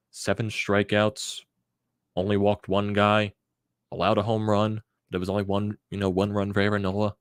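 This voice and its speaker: A man's voice: lowish voice, no room sound, studio quality. A young man hosting a fan reaction vlog, ranting in exasperation with stammers and sighs. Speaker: sports channel host.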